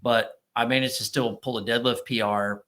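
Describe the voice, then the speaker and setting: A man, a gym owner telling loud, profane stories on a casual podcast. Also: mid-range voice, steady tone, moderate pace. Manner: loud, profane storyteller acting out quotes. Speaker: gym owner and powerlifting coach.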